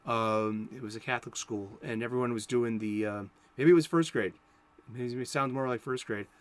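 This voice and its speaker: A man's voice: medium pitch, steady tone, normal speed. A middle-aged man with a Boston accent talks casually, hosting a comic book show. He rambles in a chatty way, trailing off and restarting his sentences as he goes. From South Boston, USA. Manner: rambling, self-interrupting, chatty. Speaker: comic book talk host.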